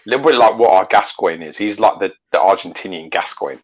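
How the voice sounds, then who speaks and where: A man's voice: low-pitched, quick pace, muffled recording. An English man co-hosting a casual chat, swearing and bantering boisterously. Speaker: co-host.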